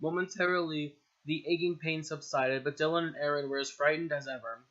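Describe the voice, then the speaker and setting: A man's voice: fairly high pitch, fairly even intonation, a little fast, few pauses, fairly bright tone. A man casually reading aloud his own old story, giggling, mocking himself and swearing in asides. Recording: dull lo-fi home recording.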